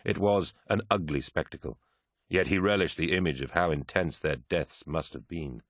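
A man narrating an audiobook in a measured, dramatic way. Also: sits low, dry recording, studio quality. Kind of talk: scripted narration.

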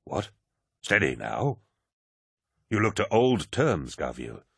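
A calm, rational older scholar who reassures and reasons, as a man voices him. The voice is very deep with a husky edge, recorded close and dry. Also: takes it slowly, no echo, heavily acted. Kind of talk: audiobook character voice.

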